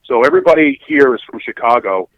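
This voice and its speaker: A man with a Boston accent, a radio DJ telling profane, wry stories of his old neighborhood. His voice sits at an ordinary middle pitch, recorded close and dry on a studio microphone. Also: wildly swooping pitch, fast talker, vocal fry, no echo, dull audio. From South Boston, Massachusetts. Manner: profane, sardonic storytelling. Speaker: radio DJ guest. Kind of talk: casual podcast chat.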